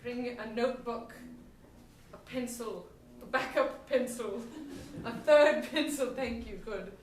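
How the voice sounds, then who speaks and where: A woman playing an ambitious, commanding expedition leader in a live stage improv scene. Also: fairly high pitch. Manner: commanding, brisk, grand. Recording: echoey theatre, far from mic.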